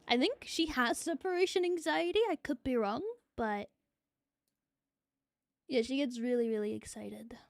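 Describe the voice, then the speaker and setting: A woman's voice: a little high, measured pace, vocal fry, long pauses, dry recording, clean studio sound. A young woman streaming a game, chatting casually, swearing freely and laughing often. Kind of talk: casual gaming stream chat.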